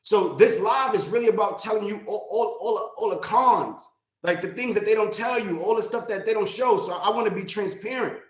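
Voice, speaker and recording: A man's voice: high-pitched, a little fast. Blunt, emphatic man in an echoey room. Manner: blunt, emphatic, repeats points. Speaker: real estate investor and mentor. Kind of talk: livestream talk.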